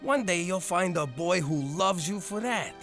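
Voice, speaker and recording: An actor voicing a gruff, doting mobster father in an adult cartoon, blustery and quick to shout before softening. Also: medium pitch, expressive, soft background music. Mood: coaxing. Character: gruff mobster dad, doting and hot-tempered.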